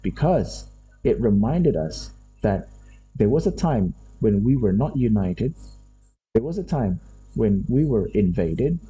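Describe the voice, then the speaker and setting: Husky, dark-voiced lecturer. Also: male voice, lowish voice, lo-fi sound. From Indonesia. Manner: unhurried, thinks aloud, often repeats phrases. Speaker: university lecturer. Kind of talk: university lecture.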